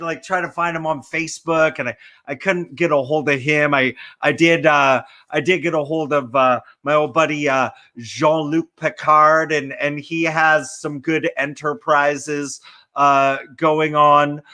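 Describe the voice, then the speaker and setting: A man co-hosting a casual podcast, telling a comic tall tale in a deadpan, joking way. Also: a little high, normal speed. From California. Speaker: podcast co-host.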